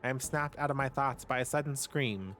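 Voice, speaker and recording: A man streaming live, reading a game's story text aloud in a casual way and breaking off for quick asides to his chat. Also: medium pitch, a bit bright, soft background music.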